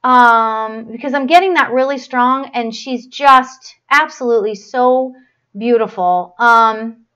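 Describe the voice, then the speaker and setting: A woman hosting a live spiritual stream, giving a psychic reading in a rambling, halting way with many fillers and restarts, and a gushing, affectionate tone. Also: a little high, pushed and bright, smooth. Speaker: medium hosting a live show.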